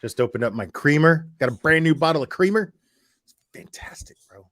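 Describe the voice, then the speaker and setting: A man's voice: on the high side, lively intonation, brisk, fairly bright tone, no echo, studio quality. Blunt, sarcastic male commentator. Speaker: commentary host. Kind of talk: casual commentary.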